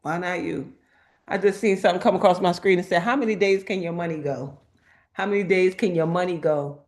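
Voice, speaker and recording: A woman hosting a casual live chat tells stories with lively energy, acting out the people she quotes. Her voice is lowish and she talks a little fast.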